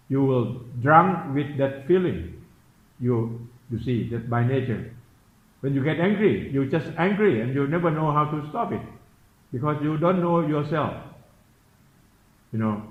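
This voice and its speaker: A man giving a Buddhist dharma talk, slowly and repetitively questioning his listeners in simple English. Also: medium pitch. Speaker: Buddhist meditation teacher. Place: temple teaching hall. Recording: echoey, dull room recording.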